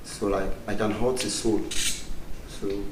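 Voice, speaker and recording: The recording, roomy and distant with slight background noise, catches a male comedian guest in a casual interview. His voice is low and fairly even and he takes his time, laughing often and phrasing things in a broken, pidgin-tinged way.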